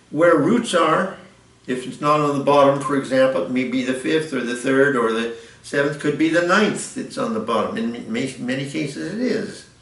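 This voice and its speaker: A man's voice: a little high, gravelly. An older man giving a rambling, informal music lesson and correcting himself as he explains. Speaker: music teacher. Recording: echoey room, mic at a distance.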